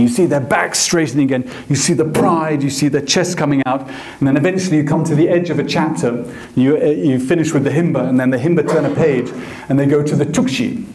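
A male photographer giving an anecdotal lecture, telling stories with animated acted quotes. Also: fairly high pitch, reverberant. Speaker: photographer and guest speaker. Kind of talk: storytelling lecture. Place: lecture hall.

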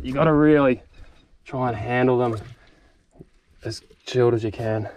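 Fishing vlogger, young man, mid pitch, excitable and sweary, faint noise behind. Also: unhurried, creaky, pauses often. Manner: excitable, swearing, talks to the fish. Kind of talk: excited solo fishing commentary. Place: outdoors on the water.

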